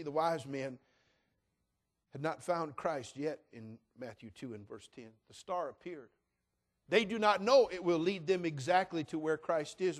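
An older man preaching a sermon in a church in an animated, joking, conversational way. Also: a little high. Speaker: pastor.

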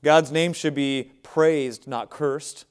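A man's voice: on the high side, fairly even intonation, takes it slowly, clean tone. An American man preaching a sermon, speaking in a conversational way with asides to the congregation. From United States. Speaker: pastor.

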